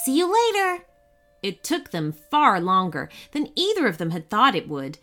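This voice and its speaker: A woman narrating a scripted children's story in an expressive, storytelling way. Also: on the low side, normal speed.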